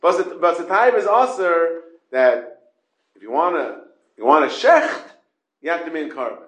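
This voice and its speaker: A man's voice: on the high side, very animated, normal speed, reverberant. A man teaching a Talmud class, repeating points and asking rhetorical questions. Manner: explains in repeated questions, stressing key words.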